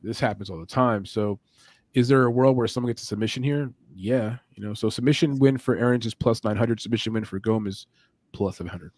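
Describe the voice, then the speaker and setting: A man's voice: on the low side, a little fast, darkish tone, no room sound. A man hosting a sports betting show, talking animatedly through fight picks and odds. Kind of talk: casual sports betting chat.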